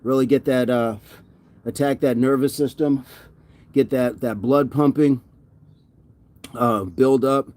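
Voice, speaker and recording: A man's voice: medium pitch, steady tone, takes it slowly, long pauses, a little mellow. A man livestreaming a workout, winded and sweaty, reading viewer comments aloud and often repeating himself in casual chat. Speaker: fitness livestreamer.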